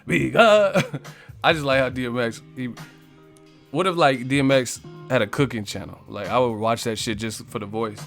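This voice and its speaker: A man's voice: mid-range voice, steady tone, normal speed, a bit bright, soft background music. Profane, laughing male stream host. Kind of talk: casual live-stream chat.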